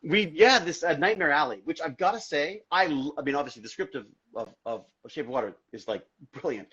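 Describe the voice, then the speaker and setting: A man guesting on an interview, telling stories in an animated, rambling way with many restarts, heard over a video call. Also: fairly high pitch, fairly quick, husky. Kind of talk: casual interview chat. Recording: dull lo-fi social media livestream audio.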